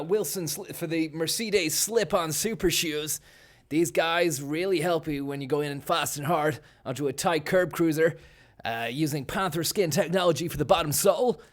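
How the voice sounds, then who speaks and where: A man's voice: a little high, normal speed. A man hosting a stream, rattling off absurd mock sponsor plugs in a racing commentary style. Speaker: streamer host.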